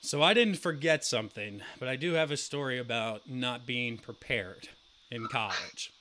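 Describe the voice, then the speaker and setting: A young man in his twenties co-hosting a casual sports podcast, telling a profane story and acting out the quotes loudly. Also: medium pitch, expressive, normal speed, a little hiss or hum. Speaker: podcast co-host.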